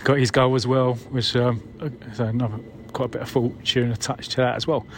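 A man's voice: mid-range voice, level tone, fairly quick. Conversational man with faint background hum. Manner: conversational, mild swearing, wry laughs. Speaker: caller leaving a voicemail. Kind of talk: casual voicemail.

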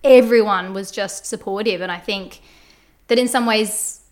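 A woman's voice: medium pitch, measured pace. A woman guest on a podcast, telling a personal story in an earnest, reflective way. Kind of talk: candid conversational storytelling.

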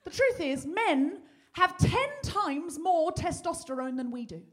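A woman's voice: very high voice, lively intonation, unhurried, very noisy. A woman co-hosting a live comedy podcast on a theatre stage, telling a self-mocking story in a chatty way. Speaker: podcast co-host.

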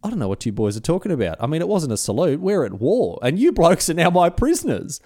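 A man's voice: a little high, wildly swooping pitch, fast, a little mellow, voice pushed up, heavily acted. A man voicing a stern male naval commander who speaks bluntly. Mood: commanding.

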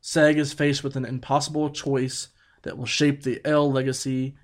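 A man co-hosting a casual podcast, speaking in a relaxed way with many fillers and reading out episode summaries. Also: mid-range voice, moderate pace. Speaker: podcast co-host. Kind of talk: casual chat.

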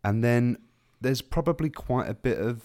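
A man from England co-hosting a casual movie podcast with dry, deadpan humor. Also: medium pitch, normal speed. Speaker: podcast co-host.

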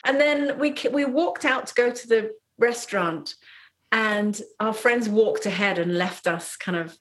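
Middle-aged woman from Trinidad, podcast guest, lively storyteller, laughs often, fairly high voice. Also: unhurried. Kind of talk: storytelling in casual chat.

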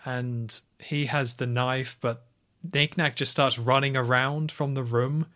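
A man co-hosting a podcast, casually recapping a film scene by scene with quick asides. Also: mid-range voice, steady tone, pushed and bright. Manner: retells scenes at length, chatty with quick asides. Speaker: podcast co-host.

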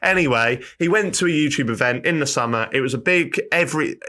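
A man's voice: a little high, expressive, fast, pushed and bright. A young man, chatting as a podcast guest, rambling, restarting sentences and laughing often. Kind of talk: casual interview chat.

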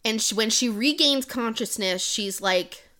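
A woman's voice: a little high, measured pace, sharp tone. A young woman co-hosting a podcast, retelling a novel's plot in a rambling casual way full of "like". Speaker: podcast co-host. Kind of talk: casual book-recap chat.

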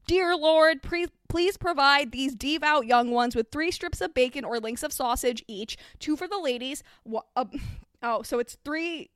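A woman voicing a fervent male preacher who runs a school, praying loudly in a folksy way. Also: on the high side, lively intonation, normal speed, no room sound, close to an everyday voice.

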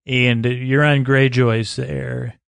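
A man hosting a sleep podcast, recapping a TV episode in a meandering, low-key way that trails off mid-sentence. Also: flat delivery, slow, gravelly, clean tone, dry recording. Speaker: podcast host.

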